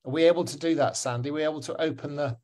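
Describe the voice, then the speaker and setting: A man teaching pronunciation in an online webinar, encouraging and repeating sounds slowly for learners. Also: a little high, steady tone, darkish tone. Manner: encouraging, drills words slowly and repeats them. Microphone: video call.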